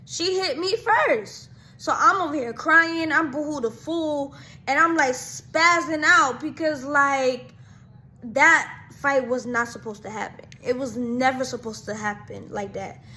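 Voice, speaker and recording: Young woman, higher voice, casual storytelling, slangy, rambling, animated. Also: measured pace. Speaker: vlogger.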